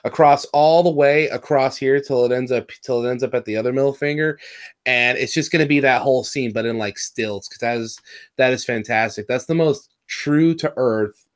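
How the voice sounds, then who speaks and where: Excitable rambling man, casual surfer talk. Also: medium pitch, normal speed. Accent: Californian. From California. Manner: rambling, excitable, lots of fillers and restarts. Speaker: podcast co-host reviewing a cartoon episode. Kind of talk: casual chat.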